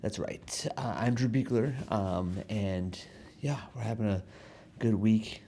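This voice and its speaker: Gravelly low-voiced man hosting a podcast. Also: slow pace, warm tone, a little hiss or hum. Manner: rambling storytelling with many restarts and chuckles. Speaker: podcast host. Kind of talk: casual comedic monologue. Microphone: studio mic in front of a backdrop.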